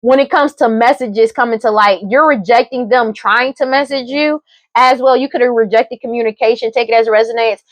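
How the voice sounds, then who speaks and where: A woman reading tarot for viewers in a fairly high voice, insistent and blunt, swearing freely and laughing between points. Her sound is dry and close, with no room echo. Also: fairly even intonation, a little fast. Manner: emphatic, profane, repetitive, laughs often. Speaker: tarot reader. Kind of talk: casual tarot reading vlog.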